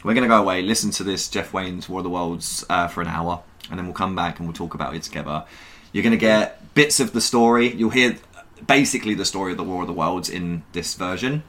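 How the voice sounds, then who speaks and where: A man hosting a podcast, explaining things in a relaxed, laid-back casual chat. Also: low-pitched, quick pace. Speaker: podcast host.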